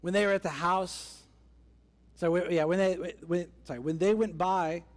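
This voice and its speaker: At a moderate pace and with fairly even intonation, this high-pitched man delivers a conversational sermon as a pastor. He voices the characters as he tells the story, and the church sanctuary gives the recording a long hall reverb.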